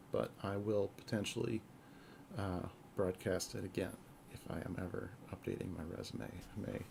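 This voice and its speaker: A man hosting a live-coding stream, talking in a halting, earnest, soft-spoken way with a gravelly voice. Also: fairly low pitch, a little hiss or hum. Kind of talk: casual live-stream talk.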